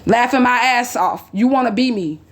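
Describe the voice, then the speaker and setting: High-voiced woman ranting heatedly. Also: moderate pace. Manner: profane, heated, retells quarrel with quotes. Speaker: vlogger. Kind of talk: angry personal storytelling.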